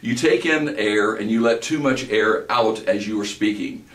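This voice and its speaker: Deep-voiced male voice teacher, roomy sound. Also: fairly bright tone. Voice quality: deep bass voice. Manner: explanatory, measured teaching delivery. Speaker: voice instructor. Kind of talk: recorded lecture with vocal demonstrations. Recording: roomy, distant mic.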